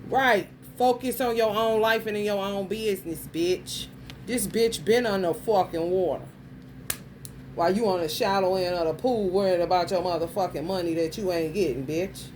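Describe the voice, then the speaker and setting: A woman's voice: mid-range voice, moderate pace, a little mellow, slight background noise. A woman vlogger delivering a blunt, crude rant full of swearing and street slang. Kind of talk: profane stream-of-consciousness rant.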